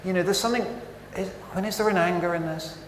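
A man's voice: sits high, fast talker, a little hiss or hum. A man preaching a sermon in a church, conversational and full of rhetorical questions. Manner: conversational, self-interrupting, animated rhetorical questions. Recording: echoey church with long reverb.

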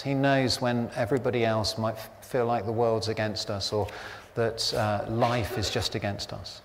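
Chatty pastor in a reverberant church. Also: male voice, lowish voice, level tone, moderate pace, a little hiss or hum. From Britain. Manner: chatty, anecdotal, wry humour. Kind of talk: sermon. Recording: church hall reverb, faint ambience.

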